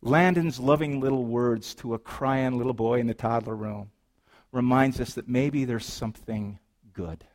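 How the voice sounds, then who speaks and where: A man's voice: medium pitch, normal speed. Man preaching a storytelling sermon. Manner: storytelling, shifts from animated to hushed and earnest. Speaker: pastor. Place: church sanctuary.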